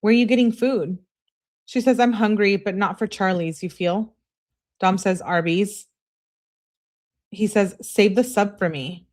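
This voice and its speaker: A woman hosts a live reading, reading out each text message with its speaker tag and then commenting on it. Her voice sits at an average pitch, and she talks to her chat between messages. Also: measured pace, pauses often, a little mellow. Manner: reads messages aloud with speaker tags, breaks off to comment and greet chat. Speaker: true-crime channel host.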